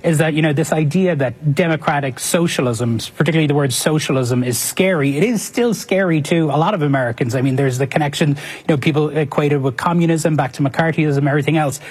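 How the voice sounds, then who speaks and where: A male news reporter giving a measured answer on a TV interview. He is somewhat high-pitched and husky, and pauses often with fillers. The clip is played back from a broadcast. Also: darkish tone.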